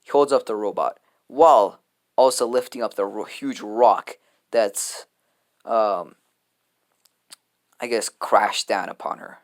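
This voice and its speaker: A man's voice: on the low side, takes it slowly, long pauses. A man casually improvising a fan story, rambling and offhand, with lots of fillers and restarts.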